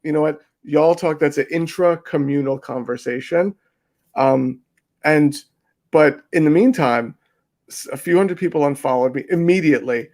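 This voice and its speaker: A man hosting a casual interview, his voice sitting a bit high for a man. He tells his stories with animated emphasis and acts out what he said at the time, in a lively back-and-forth way. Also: normal speed. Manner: animated, emphatic storytelling, often acting out his own quoted remarks. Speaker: interview host.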